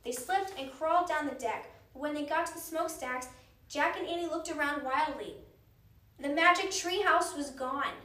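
A woman reading a children's chapter book aloud with an expressive, dramatic delivery. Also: high voice, moderate pace, recorded from a distance. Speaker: storyteller. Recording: roomy sound, voice off-mic.

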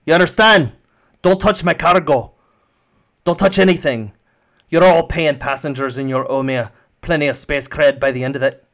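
A man's voice: on the high side, fairly bright tone. A man voicing a grumpy old dwarf ship captain who barks rules in a pirate-like way. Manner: barking orders, pirate-like speech.

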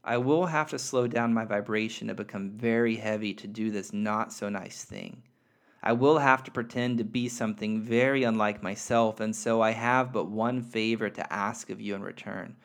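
A man's voice: fairly low pitch, fairly even intonation, moderate pace, lightly acted. A man reading the part of a loving, playful soul spirit who speaks tenderly and reassuringly.

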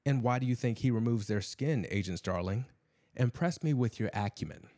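A man's voice: mid-range voice, normal speed, dark tone, natural voice. A man voicing a menacing, cultured imprisoned killer who talks in a cold, sneering, cryptic way.

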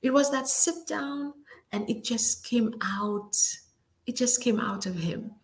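A woman's voice: on the high side, slow pace. A woman hosting a faith talk show, reflective and affirming, sometimes dropping to a near whisper as she tells a story. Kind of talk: casual chat.

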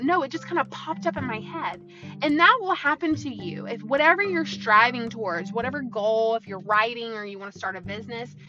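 A woman hosting a podcast, talking in an earnest, encouraging way and often asking "right?" and "you know". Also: sits high. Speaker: podcast host. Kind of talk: motivational podcast monologue. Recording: dull lo-fi sound with music behind.

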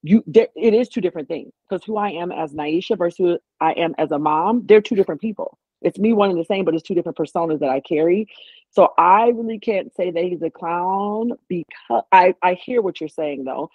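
Her voice is on the low side and a little fast as she chats casually on a podcast, where she is the guest. Lively in manner, she performs the quotes of other people. The line is tinny, like a phone, and the recording is dry.

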